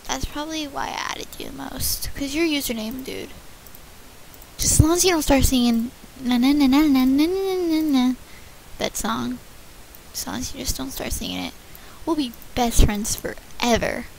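A female channel host chatting excitedly and thanking viewers by name during a casual gift-opening vlog. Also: sits high, moderate pace, creaky, slight background noise, rough recording.

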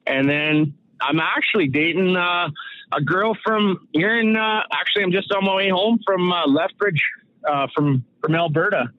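A man from Saskatchewan calls in as a guest, and his voice comes through a thin, phone-like line. He rambles easily from one story to the next and laughs often, sitting a little high in his range. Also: normal speed, no room sound. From Canada, Saskatchewan. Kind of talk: casual interview over the phone. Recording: phone-like narrow sound.

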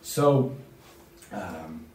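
A man's voice: low-pitched, lively intonation, drawn-out words, mellow, slight background noise. A man giving a parish talk as a deacon, speaking emphatically and putting questions to his audience. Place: church. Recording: echoey church from far off.

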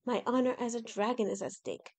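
A woman's voice: fairly high pitch, fairly even intonation, fairly quick, a little mellow. Woman voicing a haughty old-fashioned dragon. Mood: impatient. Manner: formal, old-fashioned speech, condescending. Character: proud haughty male dragon, scornful of humans.

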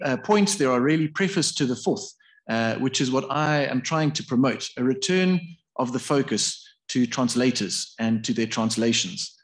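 A man giving a university lecture in a hall, thinking aloud in a hesitant, discursive way. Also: mid-range voice. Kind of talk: academic public lecture.

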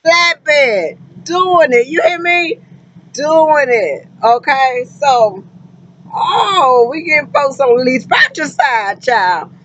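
Animated trucker woman. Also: sits high, takes it slowly, dull audio. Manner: animated, endearments like honey and girl. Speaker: trucking vlogger. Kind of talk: casual chat to viewers.

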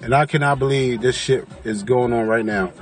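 A man's voice: mid-range voice, normal speed, faint music behind. A man casually telling a story to his camera, cursing freely and acting out the voices of the people in it. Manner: animated, profane, acts out quoted voices. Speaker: vlogger.

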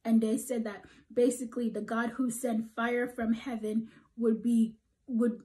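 A woman's voice: fairly high pitch, flat delivery, measured pace, mellow, low-quality recording. A woman preaching a prophetic encouragement message, emphatic and repeating "okay?", sometimes dropping to a whisper. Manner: emphatic, tags "okay?" after points, drops to whispers.

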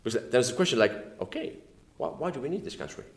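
A man from Estonia with an Estonian accent and non-native English, giving a speech at a formal dinner with many halting "like"s and "uh"s. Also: mid-range voice, sing-song. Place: banquet room at a formal dinner. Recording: echoey dining hall.

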